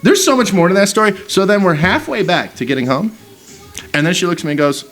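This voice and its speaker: Male podcast host, casual storyteller, animated and profane, lively pitch. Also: quick pace, faint music behind. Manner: animated, swearing, laughing storyteller. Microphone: set up for two cameras.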